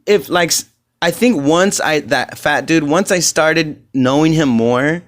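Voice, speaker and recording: A man's voice: a little high, a little slow. Profane, rambling male podcast host. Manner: loose, profane, rambling storytelling; acts out quoted voices in his retelling. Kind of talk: casual solo podcast chat.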